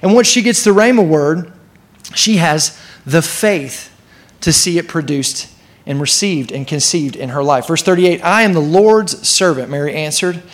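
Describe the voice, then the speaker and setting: Man preaching a lively sermon. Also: fairly high pitch, measured pace. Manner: animated preaching, acts out quoted voices. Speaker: pastor.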